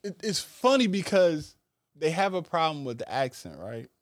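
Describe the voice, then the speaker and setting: A man co-hosting a casual podcast, relaxed and explanatory, often laughing. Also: a little high, moderate pace, dry recording, clean studio sound. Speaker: podcast co-host. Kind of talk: casual chat.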